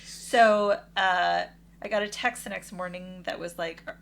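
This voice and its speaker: A woman's voice: on the low side, steady tone, measured pace, gravelly. A woman co-hosting a podcast, telling a story in a chatty, wry way with fillers. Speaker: podcast co-host. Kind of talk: casual storytelling.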